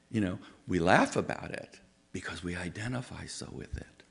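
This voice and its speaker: Gravelly low-voiced man giving a talk. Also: normal speed, fairly bright tone. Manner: chatty, storytelling, acts out quoted voices. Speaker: psychologist giving a Sunday talk. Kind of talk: conversational sermon-style talk.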